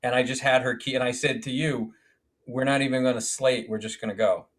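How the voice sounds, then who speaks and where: A man's voice: mid-range voice, steady tone, brisk. A man, a filmmaker guest on a podcast, telling stories animatedly, acting out quotes and swearing casually. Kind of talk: podcast storytelling.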